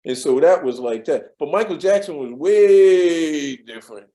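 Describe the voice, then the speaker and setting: A man's voice: a little high, expressive, a little slow, mellow, low-quality recording. A man telling stories from his years as a studio assistant in an interview, rambling with frequent fillers and restarts. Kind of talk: storytelling interview.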